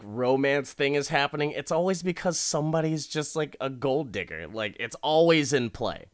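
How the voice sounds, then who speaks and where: Male recapper, laid-back and wry, slow with lots of fillers. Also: on the high side, clear, resonant tone, no room sound, studio quality. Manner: rambling and wry, heavy with fillers. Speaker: show recapper. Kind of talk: casual show recap.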